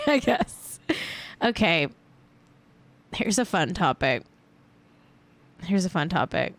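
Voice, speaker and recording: A young adult woman with a mid-range, fairly bright voice hosts a celebrity gossip show in the style of a casual live-stream chat. She jokes around and giggles often.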